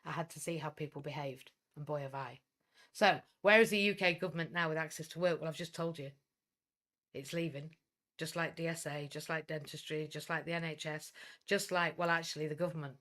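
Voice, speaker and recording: A woman's voice: deep voice, fairly even intonation, brisk, a bit bright. A blunt, outspoken woman with a Welsh English accent who runs a coaching business, giving a livestream talk and swearing when she gets fired up.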